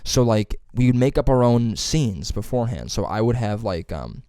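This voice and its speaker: A man's voice: mid-range voice, sing-song, normal speed, warm tone, clean tone, no echo, clean studio sound. Young man rambling through a story. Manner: rambling storyteller, swearing freely, lots of fillers. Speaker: podcast host. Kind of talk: casual podcast chat.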